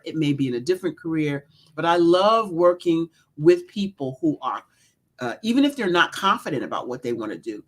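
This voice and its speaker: A middle-aged woman, an executive coach and author, speaking as an interview guest in an earnest, measured way. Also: low voice. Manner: earnest, measured, lists things.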